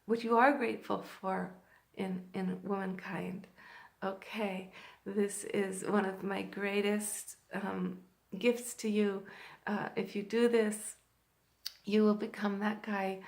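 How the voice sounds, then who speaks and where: A woman coaching men on dating in a casual advice vlog, earnest and halting, with many fillers and restarts and laughs between points. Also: mid-range voice. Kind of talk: direct-to-camera advice vlog.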